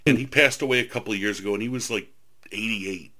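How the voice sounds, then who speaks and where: Lower-pitched male host, bright forceful tone, enthusiastic storyteller in casual chat. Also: fast talker. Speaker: host, historian and author.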